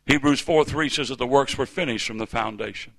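A man's voice: medium pitch, brisk, gravelly, fairly bright tone, dry recording. A man in his fifties from the United States preaching a sermon in a church, with emphatic call-and-response delivery. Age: 50s.

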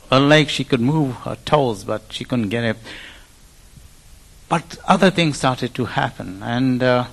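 A man's voice: mid-range voice, rough recording. A man from India, giving a personal testimony in church and acting out the people he quotes. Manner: animated storyteller who acts out quoted speech.

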